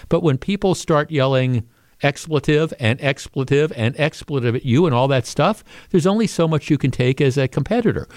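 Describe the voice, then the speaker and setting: A man hosting a radio talk show, talking casually with lots of restarts and growing animated as he goes. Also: medium pitch, dry recording, studio quality. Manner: conversational, with frequent restarts, and animated when quoting. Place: radio studio. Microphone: studio microphone.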